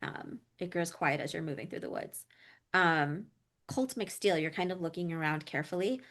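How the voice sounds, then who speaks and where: A woman narrating as game master of a tabletop role-play, describing scenes with frequent ums and pauses. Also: fairly low pitch, a bit bright. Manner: descriptive, hesitant with many ums.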